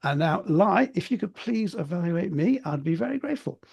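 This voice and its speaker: A man's voice: high voice, animated, brisk, vocal fry, darkish tone, husky. Encouraging man giving speech feedback. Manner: encouraging, rambling with restarts. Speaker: speech evaluator. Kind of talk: online club meeting feedback.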